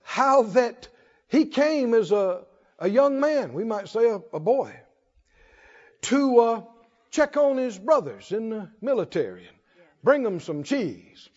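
A man's voice: extremely high pitch, sing-song, takes it slowly, a little mellow. A man preaching a sermon, telling the story in a folksy, humorous way and laughing often, recorded in a church. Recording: dull lo-fi recording in echoey hall.

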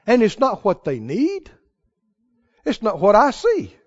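A man's voice: sits high, wildly swooping pitch, a little slow. A man preaching a sermon, telling stories in a folksy way and building to emphatic exhortation. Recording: dull lo-fi sermon recording.

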